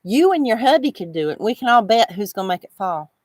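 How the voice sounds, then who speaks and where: A woman hosts a casual crochet livestream from outdoors, chatty and quick to laugh as she reads viewers' comments. Her voice sits fairly high and swings widely in pitch. The sound is dry, with little room echo. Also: sing-song. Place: outdoors in the shade.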